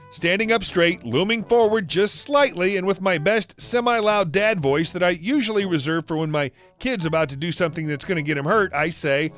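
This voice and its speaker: Lively man narrating stories. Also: sits high. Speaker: story narrator. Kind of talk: reading reddit stories aloud. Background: faint music.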